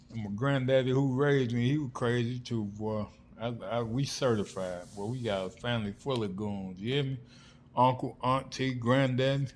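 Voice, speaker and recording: A middle-aged man from South Florida telling family stories in an animated, slangy vlog monologue, acting out the people he quotes. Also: medium pitch. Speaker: vlogger. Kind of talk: casual storytelling monologue. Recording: faint background noise.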